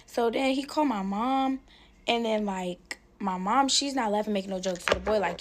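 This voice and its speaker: A woman's voice: on the high side, moderate pace, heavy background noise. A young woman telling a casual storytime to her viewers while she does her hair, chatting straight to them.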